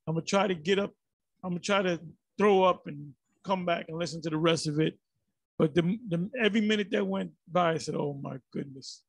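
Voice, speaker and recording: Rambling man with a gravelly voice. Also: high-pitched, dry recording. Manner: rambling, frequent restarts and fillers, exasperated. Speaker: religious commentary vlogger. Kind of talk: casual rambling commentary.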